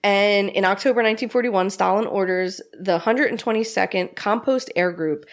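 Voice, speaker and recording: A woman co-hosting a casual podcast, telling a history story with lots of swearing, laughter and animated asides. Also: medium pitch, normal speed. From United States. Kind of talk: casual true-crime podcast chat.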